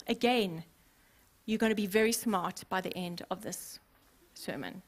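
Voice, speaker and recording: A woman pastor preaching a sermon, expressive and playful, with humorous asides to the congregation. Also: a little high. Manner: expressive, acts out scenes.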